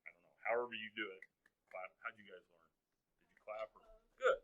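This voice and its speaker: Man, teacher lecturing a class; bright, joking, keeps asking students questions. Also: on the low side, steady tone, normal speed, highs cut off. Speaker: high school chemistry teacher.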